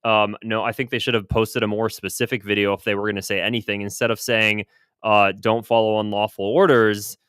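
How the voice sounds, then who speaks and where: Male commentator, low clear voice, dry close mic, loose hesitant delivery. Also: level tone, fairly quick, sharp tone, dry recording. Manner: rambling, hesitant, with restarts and chuckles. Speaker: political commentator. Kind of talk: casual commentary on news clips.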